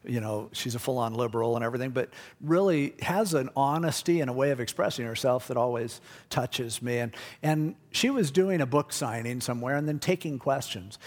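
A man's voice: mid-range voice, long reverb tail. A male pastor giving a conversational, jokey sermon. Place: church.

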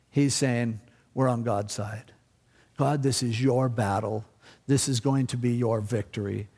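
A pastor preaching a casual, conversational sermon, explaining scripture and acting out the people in the story. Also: male voice, medium pitch, creaky, darkish tone, long reverb tail.

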